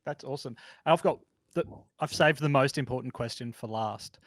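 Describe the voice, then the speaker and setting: A man's voice: mid-range voice, a little fast, dry recording. A man hosting a podcast interview, teasing his guests in casual chat. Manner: joking, teasing. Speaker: podcast host.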